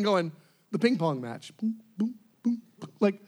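A man preaching a sermon, animated, laughing often and acting out scenes as he goes. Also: sits high, measured pace.

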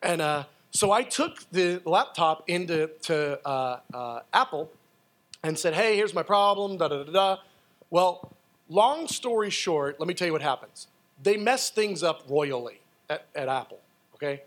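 A man preaching a sermon and telling personal stories in a casual, animated way. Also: fairly high pitch, measured pace. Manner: animated, excitable storytelling; casual, conversational with fillers.

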